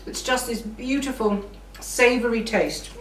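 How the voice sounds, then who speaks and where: A woman's voice: fairly high pitch, a little slow, slight background noise. Chatty woman hosting a cooking show. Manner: chatty, enthusiastic, talks through each step. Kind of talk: casual cooking demonstration. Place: home kitchen. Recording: roomy kitchen, mic at a distance.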